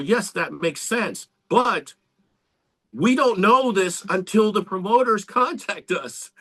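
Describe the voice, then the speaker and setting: A man, co-hosting a podcast in casual, animated talk. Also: high-pitched, takes it slowly. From Central Florida, US. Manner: animated, swearing, lively storytelling. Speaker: podcast co-host, band member.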